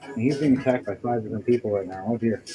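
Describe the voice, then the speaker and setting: A man narrating as game master of a tabletop game, chatty and halting with fillers. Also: lowish voice, dark tone, low-quality recording. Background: music.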